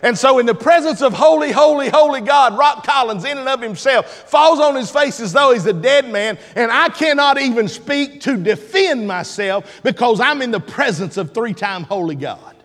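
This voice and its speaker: A man preaching a sermon, moving from quiet teaching to shouted, drawn-out preaching. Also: very high voice, expressive. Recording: long hall reverb.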